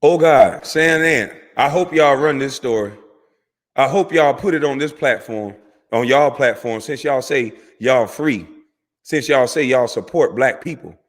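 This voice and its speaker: A man's voice: medium pitch, a little slow. A man, a former pro athlete, delivering a heated, profane, preachy rant to camera that repeats words for emphasis. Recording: long hall reverb.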